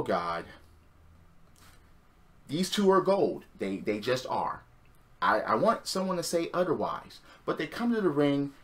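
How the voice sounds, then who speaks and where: Sarcastic man recapping wrestling. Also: medium pitch. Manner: sighing, sarcastic, swears freely. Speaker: wrestling show reviewer. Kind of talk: casual recap monologue.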